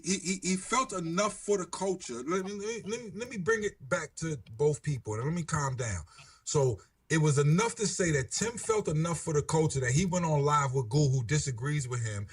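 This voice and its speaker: A man's voice: fairly high pitch, sing-song, normal speed, husky. A man making his case insistently in a heated discussion, often repeating himself. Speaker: panelist in a debate.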